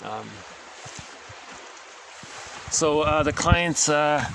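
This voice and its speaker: A man's voice: fairly high pitch, extremely slow, vocal fry, background noise. A man casually explaining psychoanalytic ideas, conversational and often checking in with his listeners. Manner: conversational, self-correcting, checks in with "right?". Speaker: teacher.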